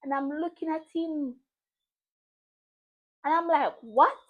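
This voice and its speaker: A woman's voice: high voice, steady tone, slow, narrow, tinny audio. A young woman vlogger telling a personal story, repeating phrases for emphasis and acting out the dialogue. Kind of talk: emotional storytime monologue.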